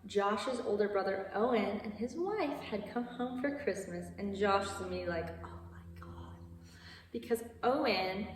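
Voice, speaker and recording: A young woman video creator casually recaps a movie plot, chatty and full of asides and laughs. Her medium-pitched voice is expressive, at a moderate pace with few pauses, heard from far off in an echoey hall.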